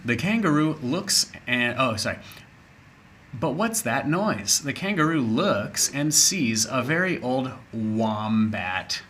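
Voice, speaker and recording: Brief: man, teacher reading a children's story, expressive, explains slowly. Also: mid-range voice, slight background noise. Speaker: English teacher. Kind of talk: reading a story aloud to young learners.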